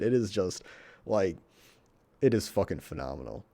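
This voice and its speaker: A young man with a dark, mellow voice and a fairly low pitch rambles excitedly about a show he loves. He curses freely and stumbles over words. The recording sounds dry and close. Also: moderate pace, pauses often, no echo. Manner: swears often, stumbles over words, gushing. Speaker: vlogger reviewing a show. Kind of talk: excited casual monologue.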